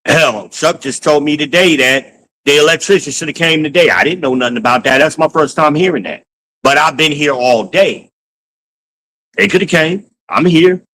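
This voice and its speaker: A man hosting a podcast, ranting in a casual, profane, animated way while walking around his home with a handheld phone. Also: fairly high pitch, normal speed, rough recording. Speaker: podcast host. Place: at home, moving between rooms.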